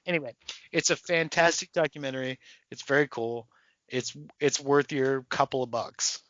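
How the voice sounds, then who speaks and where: A man co-hosting a podcast in casual chat, animated and profane, acting out voices as he tells a story. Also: medium pitch, normal speed, no echo, muffled recording. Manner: animated, swearing, acts out people's voices. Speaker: podcast co-host.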